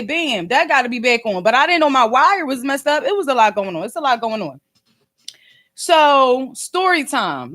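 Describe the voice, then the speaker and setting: A woman in her thirties with a Philadelphia accent, casually telling a story straight to her viewers in animated, slangy talk. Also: high-pitched. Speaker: podcast and video host.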